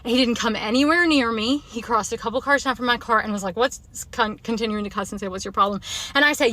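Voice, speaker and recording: A woman's voice: on the high side, fairly quick, pushed and bright, no room sound. A woman in a self-filmed rant, speaking in an emphatic, agitated way. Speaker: video poster.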